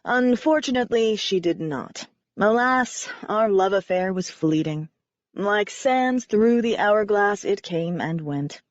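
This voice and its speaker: A woman's voice: mid-range voice, lively intonation, no room sound. Woman playing a pompous, theatrical warlock father. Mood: wistful, grandiose. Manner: grandiose, slow, pompous delivery. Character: flamboyant, theatrical warlock father, middle-aged man. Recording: dry, slightly dull recording.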